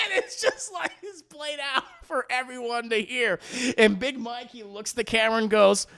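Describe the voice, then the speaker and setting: Brief: young male movie reviewer, livestream recap, lively swooping delivery, bright tone, profane and quick to laugh. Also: extremely high pitch. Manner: animated, profane, jumps into quick impressions of the characters; laughs loudly at his own jokes.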